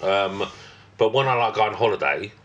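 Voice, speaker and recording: A man's voice: fairly low pitch, lively intonation, moderate pace, muffled recording, background noise. A man from Britain co-hosting a podcast, rambling through stories and swearing often. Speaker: podcast co-host. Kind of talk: casual chat.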